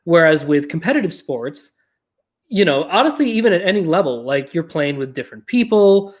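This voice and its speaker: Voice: mid-range voice, big pitch swings, moderate pace, darkish tone. Chatty podcast host, filler-heavy storytelling. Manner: blunt, occasionally swears. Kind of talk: casual podcast monologue.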